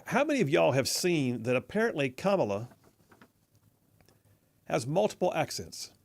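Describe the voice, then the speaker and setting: Talk radio guy, gravelly, mocking, hamming it up in the studio. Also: fairly high pitch, slight background noise. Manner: mocking, animated, drawn-out emphasis. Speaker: radio host. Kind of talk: conservative talk radio commentary. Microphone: studio mic.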